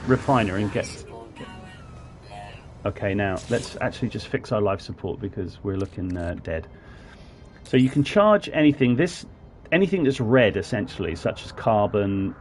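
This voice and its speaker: A man's voice: fairly low pitch, a little mellow, slight background noise. A man from southwest England chatting casually while streaming a game, rambling and greeting viewers in chat. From Plymouth, southwest England. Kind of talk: casual live-stream gameplay commentary.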